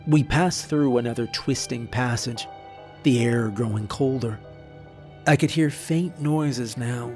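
A man narrating a scary story in the first person, slow and measured. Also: medium pitch, a little mellow. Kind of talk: scripted narration. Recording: faint background music.

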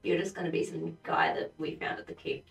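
A woman player in a tabletop game, chatting casually and quick to joke. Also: low voice, gravelly. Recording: roomy room with music underneath.

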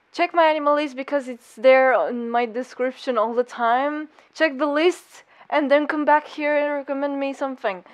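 A woman reacting to an anime episode as she watches, gasping, squealing and gushing, while saying she feels unwell. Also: high voice. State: unwell, not feeling great. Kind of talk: excited live reaction commentary.

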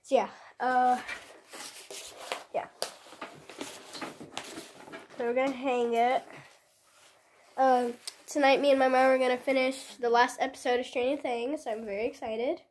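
A woman's voice: sits high, flat delivery, normal speed, long pauses, a little mellow, slight background noise. A young woman vlogging casually from her bedroom, rambling with lots of fillers, sounding stuffed up from a cold. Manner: chatty, rambling, many fillers. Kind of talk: casual vlog chat. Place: bedroom at home.

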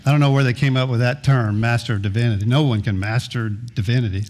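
A man's voice: mid-range voice, fairly even intonation, fast, darkish tone. A middle-aged man preaching a sermon as pastor, earnest, often repeating and restarting words.

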